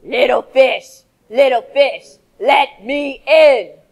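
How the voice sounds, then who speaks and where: A woman voicing a big bad male shark in a slow, growled chant during a storytelling session. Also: high voice, creaky, pitched below the performer's own voice, exaggerated voice. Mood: menacing.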